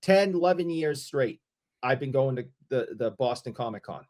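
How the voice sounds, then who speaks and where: A middle-aged man on a podcast, telling a story in casual chat, excitable and repeating himself. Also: medium pitch, normal speed. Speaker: podcast co-host.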